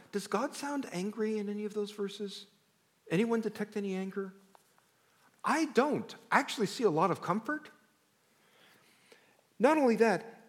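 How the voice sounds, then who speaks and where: A man preaching a sermon with a rather high voice that rises and falls in lively, animated swings. He talks conversationally and keeps putting questions to his congregation. His emphasis shifts freely from line to line. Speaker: pastor.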